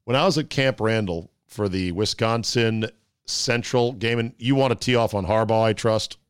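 A man hosting a sports talk podcast on a studio mic, telling stories in a casual, animated way. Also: on the low side, normal speed, clean tone, dry recording. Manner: animated storyteller, fiddly with gear.

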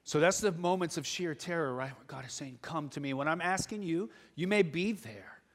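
A man's voice: on the high side, normal speed. A male pastor preaching a sermon, earnest and building to urgent exhortation. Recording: long hall reverb.

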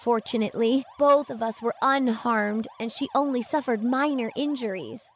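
High-voiced woman narrating a story. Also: moderate pace, a little hiss or hum. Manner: dramatic, emotive reading. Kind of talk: first-person story narration.

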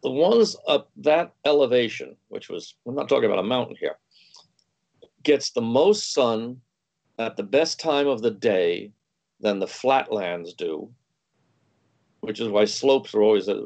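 A man's voice: fairly low pitch, lively intonation, measured pace, vocal fry, a little mellow. A man, a wine expert guest, explaining through a story and acting out the quoted dialogue himself. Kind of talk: anecdotal explaining. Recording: dull lo-fi sound.

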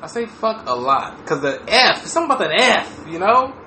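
A man hosting a podcast, talking in casual crude banter, animated and profane, laughing often. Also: sits high, brisk. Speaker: podcast host. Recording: echoey room with faint noise.

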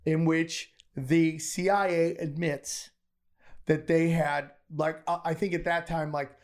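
Man in his forties, high-pitched voice, loud, argumentative, profane, keeps interrupting. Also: little pitch movement, takes it slowly. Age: 40s. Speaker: comedian podcast host. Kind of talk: heated casual debate.

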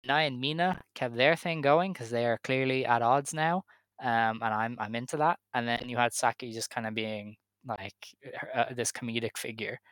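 A man's voice: medium pitch, normal speed, fairly bright tone, dry recording. A man co-hosting a wrestling podcast, recapping matches in casual chat, easygoing and hesitant with many fillers. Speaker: podcast co-host.

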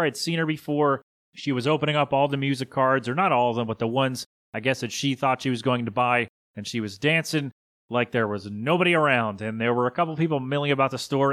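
A man's voice: medium pitch, a bit bright, no echo, studio quality. A man hosting a solo podcast, telling stories in a rambling, casual way full of fillers and restarts. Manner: rambling, casual, many fillers and self-corrections. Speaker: podcast host.

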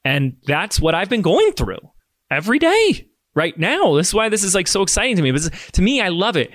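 A man's voice: sits high, sing-song, a little fast, a bit bright, no echo. A man hosting a podcast, talking through a motivational monologue with rambling enthusiasm and self-deprecating jokes. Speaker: podcast host.

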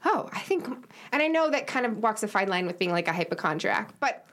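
A woman's voice: medium pitch, expressive, fast talker, a bit bright. A woman chatting casually as a podcast co-host, telling a personal story full of "like" fillers. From Los Angeles area. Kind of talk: casual chat.

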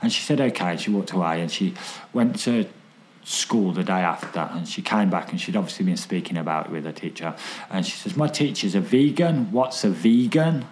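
A man's voice: sits low, fairly quick. A man, telling stories in casual chat, repeating himself and swearing freely. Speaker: podcast guest.

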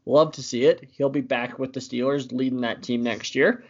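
A man's voice: mid-range voice, fairly even intonation, normal speed, breathy edge, dull audio. Easygoing young man reading sports news. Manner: easygoing, teasing. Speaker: podcast co-host. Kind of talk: casual sports chat.

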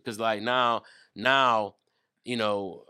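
A man doing comedic casual chat, riffing profanely and jumping into quick acted-out voices. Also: on the low side, fairly even intonation, sharp tone, smooth. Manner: profane, riffing, acts out bits with quick voice jumps.

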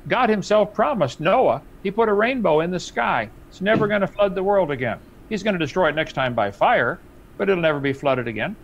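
A man's voice: high voice, lively intonation, fairly quick, dull audio. A man in a heated debate, talking emphatically and mockingly, with some faint noise behind.

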